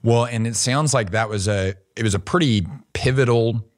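A man hosting a podcast, asking long, probing questions in a relaxed way. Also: mid-range voice, normal speed. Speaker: podcast host. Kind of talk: casual podcast conversation.

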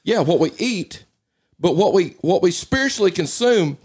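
A man's voice: high-pitched, expressive, moderate pace, a little mellow, breathy edge. A man, a pastor, talking fervently in a casual discussion, rising into emphatic preaching.

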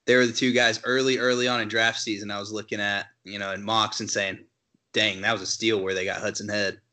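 Man, podcast host, very bright sharp tone, lowish voice, relaxed. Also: fairly quick. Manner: relaxed, hedging with fillers. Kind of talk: casual podcast chat.

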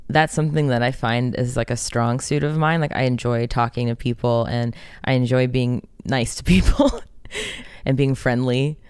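Smooth-voiced candid woman singer. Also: very deep voice, normal speed, no room sound, clean studio sound. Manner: candid and expressive, swears freely. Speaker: rock band singer being interviewed. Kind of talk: casual interview conversation.

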